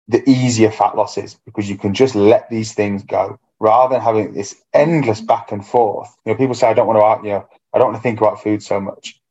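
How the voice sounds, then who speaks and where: A man with a lowish voice talks over a dull, lo-fi recording. He chats casually on a podcast as a fitness coach. He is reflective and acts out his own inner voice as he goes. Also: a little mellow. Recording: dull lo-fi sound.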